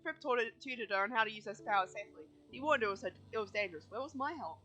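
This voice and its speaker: A woman's voice: a little high, lively intonation, racing, sharp tone, soft background music. Woman reading as a bitter, overlooked young rider. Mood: bitter, hurt. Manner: reading game dialogue aloud, plaintive.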